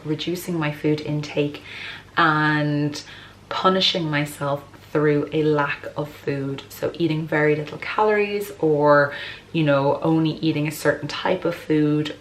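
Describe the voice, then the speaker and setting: A woman with a notably low voice speaks to camera in an earnest, encouraging way, full of "you know" fillers. She slows down and stretches out the words she wants to stress. A faint hiss sits under the voice. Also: low-quality recording. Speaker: weight loss vlogger. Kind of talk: motivational talk to camera.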